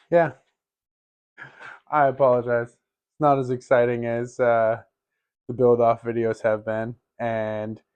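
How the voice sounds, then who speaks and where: A man's voice: fairly low pitch, a little mellow, no echo. A man talking casually about his bikes in a home garage vlog, rambling and laughing often. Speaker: bike vlogger.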